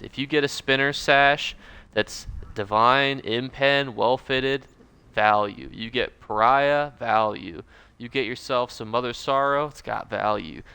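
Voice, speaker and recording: A man's voice: medium pitch, gravelly, bright, forceful tone, clean tone, dry recording. A man hosting his own gaming channel, talking through a game money guide in a chatty, upbeat, rambling way. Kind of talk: casual game guide commentary.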